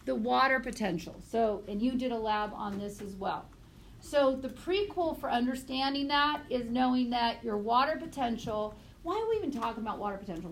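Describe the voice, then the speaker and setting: High-pitched lady teacher firing questions at a class, picked up from across a roomy classroom. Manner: quizzing students with rapid questions. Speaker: biology teacher. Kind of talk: classroom lecture. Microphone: tablet mic from across the room. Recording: echoey classroom, distant mic, faint noise.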